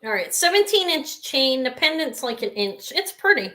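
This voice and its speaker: Her voice sits high and sounds pushed and bright, very animated at a normal speed. This woman is the host of a live jewelry sales stream, showing off each piece while chatting away and drifting into side stories and asides.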